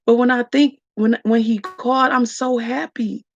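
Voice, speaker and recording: A woman's voice: a little high, fairly even intonation, a little slow, hardly any pauses, no echo. A woman vlogger candidly telling her story to live viewers, raw and emotional, calling them y'all. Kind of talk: candid story-time livestream chat. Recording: dull lo-fi dry sound.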